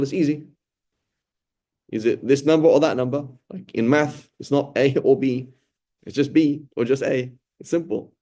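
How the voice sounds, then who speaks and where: A man in middle age teaches an informal class on religious study in a conversational way, pausing to restart phrases and checking in with his listeners. His voice is mellow and dark, with a middle pitch. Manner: conversational, thinks aloud with frequent "right?" and restarts. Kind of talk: informal lecture on Quran study.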